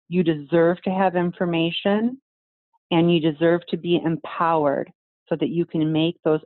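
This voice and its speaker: A woman guest on a podcast, talking earnestly and fast in a casual conversation, with self-deprecating humor. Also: lowish voice, dry recording. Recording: thin, phone-like line.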